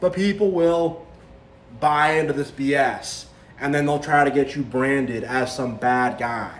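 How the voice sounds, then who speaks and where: A man's voice: mid-range voice, measured pace, reverberant. A man giving a preachy, repetitive monologue as a spiritual vlogger, warning listeners and mocking others in quoted voices. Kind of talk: impassioned monologue to camera.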